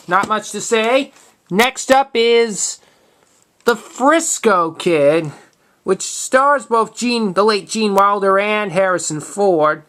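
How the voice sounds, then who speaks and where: Young man in his twenties, casual collector vlog, stop-start delivery with frequent word restarts, plain unhurried tone. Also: high-pitched, pushed and bright. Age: 20s. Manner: halting, restarts words, plain matter-of-fact tone. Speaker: video collector showing tapes. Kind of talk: casual show-and-tell vlog.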